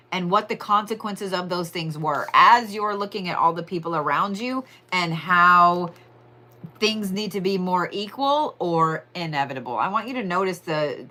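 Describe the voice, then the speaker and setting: Woman, casual card reader, lowish voice with a sharp bright edge, swears freely and draws out key words. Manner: chatty, profane, drawn-out emphasis. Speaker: tarot and astrology reader. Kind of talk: casual weekly horoscope reading.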